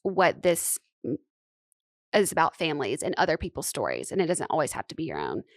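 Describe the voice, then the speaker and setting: A woman hosting a podcast in casual chat, giggly and gushing, talking in quick bursts on a close mic. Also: low voice, wildly swooping pitch, no room sound. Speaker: podcast host.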